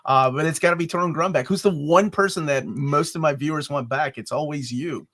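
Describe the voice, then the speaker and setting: A man's voice: fairly high pitch, brisk, fairly bright tone. A man hosting an interview, chatty and joking. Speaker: host. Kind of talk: casual interview chat.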